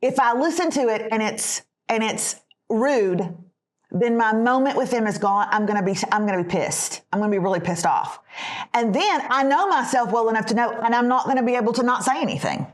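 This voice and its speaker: A woman in her forties hosts a chatty podcast. She tells stories in a confiding, lively way and acts out the people in them, her voice sitting a little high. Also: fairly quick. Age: 40s. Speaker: podcast host. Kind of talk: casual storytelling chat.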